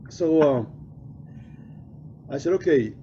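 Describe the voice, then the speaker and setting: Mellow, laid-back man telling stories. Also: mid-range voice, fast. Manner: laid-back, chuckling storyteller. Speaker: podcast co-host. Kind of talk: casual chat. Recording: muffled lo-fi with faint hiss.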